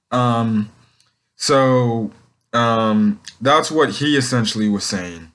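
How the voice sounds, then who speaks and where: A man talks through a comic chapter off the cuff, circling back on his sentences and padding them with fillers. His voice sits at an ordinary middle pitch for a man, with nothing forced about it. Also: slow pace, fairly bright tone. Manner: rambling, leans on "um" and "essentially". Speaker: manga chapter reviewer. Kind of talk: casual unscripted recap.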